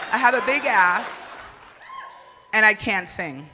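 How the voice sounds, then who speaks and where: A woman from the Republic, doing a crude, loud stand-up comedy set and shouting her punchlines. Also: medium pitch, expressive, takes it slowly, crowd noise, noisy background. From Dominican Republic. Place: comedy stage before an audience. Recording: reverberant live venue, faint ambience.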